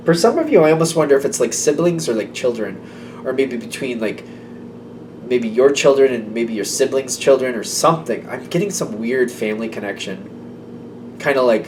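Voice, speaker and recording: A man's voice: mid-range voice, lively intonation, fairly quick, a little mellow, recorded from a distance, a little hiss or hum. Rambling man giving a tarot reading. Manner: rambling and intuitive, full of "like" and "um". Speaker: tarot reader. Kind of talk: casual tarot reading to camera.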